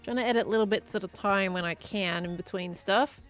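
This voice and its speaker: Aussie woman rambling to chat while she builds stuff in a game, soft music underneath. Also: mid-range voice, fairly quick. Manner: chatty, reads out chat messages and muses aloud while building. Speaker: streamer. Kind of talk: casual live-stream chat while gaming.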